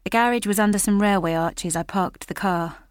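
A woman's voice: medium pitch, fairly quick, clear, resonant tone, no room sound. A woman narrating a first-person audiobook in a tense, intimate way, close to a studio mic.

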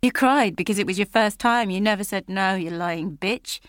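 A woman's voice: medium pitch, normal speed, dry recording, studio quality, lightly acted. An audiobook narrator, a woman, voicing a crude, mocking middle-aged man. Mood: sneering. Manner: mocking, leering.

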